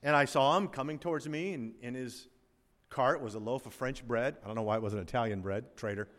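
A man, an older pastor, preaching a sermon, animated, swinging between loud emphasis and quiet asides. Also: mid-range voice, a little fast. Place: church sanctuary. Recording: long reverb of a large hall.

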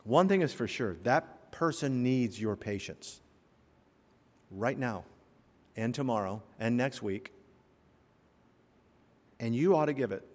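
A man pastor delivers a sermon, acting out the people in his stories with sudden loud bursts and quiet asides. His voice is of middle pitch. A long reverb trails behind him, as in a large church. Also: takes it slowly, long pauses. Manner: animated storyteller, voices characters, swings loud and soft. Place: church sanctuary.

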